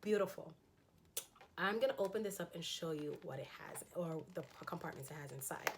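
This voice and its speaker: A woman with a slightly low-pitched voice chats eagerly through a shopping haul. She rambles casually, filling pauses with ums and small laughs. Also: vocal fry, slight background noise. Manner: chatty and enthusiastic, frequent ums and laughs. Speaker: fashion haul vlogger. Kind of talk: casual haul chat showing items.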